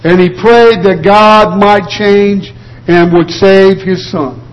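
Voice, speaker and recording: A man preaching a sermon in an earnest, measured way, asking his listeners rhetorical questions. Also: high-pitched, steady tone, lo-fi sound.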